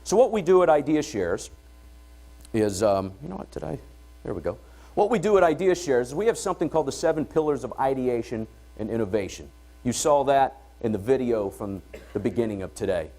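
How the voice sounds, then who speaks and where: A middle-aged man opens a conference from the stage, his pitch rising and falling freely as he talks. He keeps it conversational and energetic, checking in with the room as he goes. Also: a little fast. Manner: energetic, conversational, asks "all right?" to the room. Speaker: event host and entrepreneur. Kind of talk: conference opening talk. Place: conference hall before an audience.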